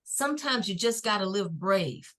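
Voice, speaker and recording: A middle-aged woman sits in as a guest on a podcast interview, sharing a personal testimony of faith. She speaks earnestly and without hurry, in a voice of ordinary middle pitch for a woman. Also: expressive, a bit bright. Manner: earnest, faith-filled, unhurried storytelling. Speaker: guest, nonprofit founder.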